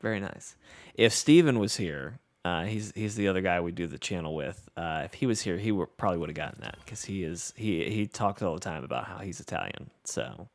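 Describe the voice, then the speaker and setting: A man's voice: low voice, animated, fairly quick, few pauses. A man with a Southern US accent hosting a casual gameplay livestream, reading chat aloud in an easygoing, self-deprecating way. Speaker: livestream host.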